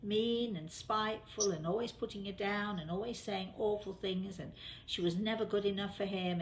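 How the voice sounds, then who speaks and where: A woman's voice: medium pitch, a little slow, a little hiss or hum. An older woman telling a personal story in a chatty, casual way, repeating words for emphasis.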